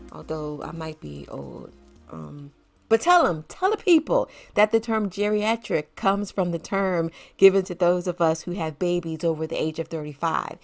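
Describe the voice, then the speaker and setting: A woman's voice: lowish voice, fairly bright tone. A middle-aged woman hosting her own podcast, talking casually and encouragingly to parents and laughing often. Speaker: podcast host. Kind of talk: casual solo podcast talk.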